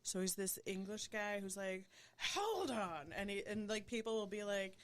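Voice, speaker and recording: A woman on a podcast, chatting casually and retelling funny clips with a giggly, animated manner. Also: medium pitch, normal speed, clean tone. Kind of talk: casual chat.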